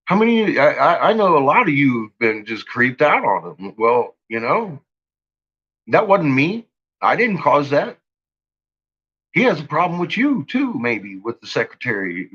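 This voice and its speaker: A man in a heated, profane rant aimed at his viewers, tripping over his own restarts as he pushes on. His pitch sits in an ordinary middle range. The recording sounds dull and lo-fi. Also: a bit bright. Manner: agitated, profane, stumbling restarts. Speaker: vlogger.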